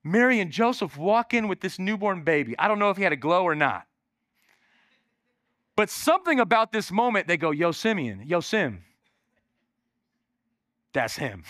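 High-voiced, animated pastor preaching. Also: male voice, a little fast, no echo, studio quality. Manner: calls on the crowd, exclaiming and animated. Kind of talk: lively sermon. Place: church.

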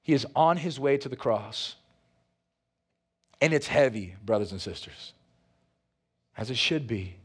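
A pastor preaching a sermon with animated delivery, playful asides and calls out to the congregation. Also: male voice, mid-range voice, measured pace, long pauses, breathy edge.

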